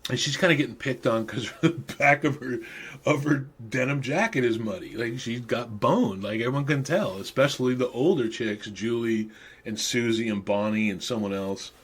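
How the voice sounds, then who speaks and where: Husky man telling crude stories. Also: medium pitch, moderate pace, fairly bright tone. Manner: rambling, crude, laughing at own stories. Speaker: podcast host. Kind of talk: casual storytelling monologue.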